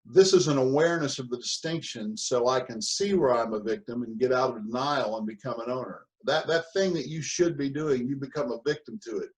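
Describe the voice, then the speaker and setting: A man's voice: mid-range voice, brisk, hardly any pauses, poor audio. A man giving a motivational seminar talk on productivity, with punchy repetition and acted-out whiny voices. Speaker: mentor and speaker.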